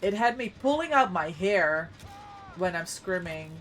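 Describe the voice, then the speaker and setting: A streamer and competitive player comments on her own gameplay live, talking to herself with panicky outbursts. Her voice is fairly low and fairly bright, with lively intonation and an unhurried pace, and there's slight background noise.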